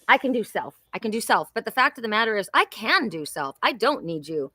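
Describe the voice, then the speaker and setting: A woman's voice: on the high side, very animated, fairly quick, few pauses, sharp tone, dry recording, soft background music. A woman in her sixties hosting a live oracle reading, chatting effusively and talking to viewers by name. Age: 60s. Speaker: host.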